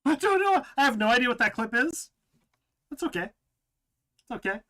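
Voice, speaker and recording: A man's voice: extremely high pitch, a little fast, bright, forceful tone. A man hosting a live game stream, chatting casually to viewers, joking and rambling and chuckling often.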